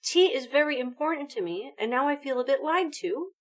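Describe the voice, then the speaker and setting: Chatty fairly high-voiced woman streaming a game, excited and exclamatory with chat. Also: fairly quick. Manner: animated, exclamatory, chatty with viewers. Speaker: live streamer. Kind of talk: casual gaming stream chat.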